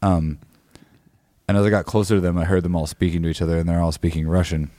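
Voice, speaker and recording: Deep male guest, rambling anecdote with lots of fillers and restarts, dry close sound. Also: flat delivery, quick pace, mellow, no echo. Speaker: guest musician. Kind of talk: casual storytelling interview.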